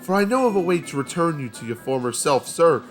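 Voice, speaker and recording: A man's voice: a little high, lively intonation, a little fast, soft background music, lightly acted. Creepy polite mask seller guy, sly and formal, man reading it out. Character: creepy male mask salesman, smooth and sly.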